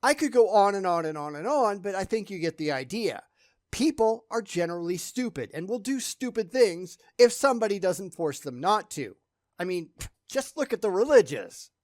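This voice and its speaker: A man's voice: high-pitched, sing-song, moderate pace, darkish tone, dry recording, clean studio sound. A man giving sarcastic reaction commentary, blunt and scornful in how he talks.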